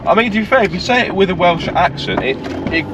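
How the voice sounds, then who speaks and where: A man, hosting a car vlog in casual, deadpan joking chat. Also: sits high, fast talker, noisy background. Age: 30s. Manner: playful, deadpan joking, stumbles over words. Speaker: vlog host. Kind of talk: casual chat while driving and on location. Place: small car on the road, then outdoors by the sea.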